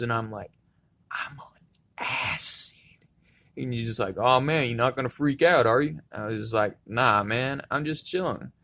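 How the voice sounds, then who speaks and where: A man's voice: fairly low pitch, creaky, a bit bright. A young man telling a laid-back, profanity-filled personal story in a casual, rambling way. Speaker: vlogger.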